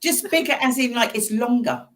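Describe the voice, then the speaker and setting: A woman's voice: on the high side, normal speed, a little hiss or hum. A woman co-hosting a community show in casual, upbeat chat. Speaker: co-host.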